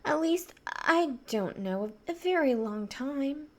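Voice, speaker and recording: A woman's voice: high-pitched, lively intonation, takes it slowly, a little mellow. A woman voicing a dreamy, sensible young girl in a storybook reading.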